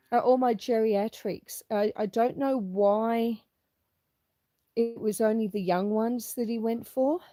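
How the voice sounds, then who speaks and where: A woman's voice: on the high side, warm tone, no echo. A middle-aged woman with a cough, chatting casually on a live stream as she walks around her homestead and reads out viewer comments. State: fighting a cough. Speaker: homesteader hosting a live walk-and-talk. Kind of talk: casual live-stream chat while walking. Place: outdoors on a farm with cows nearby.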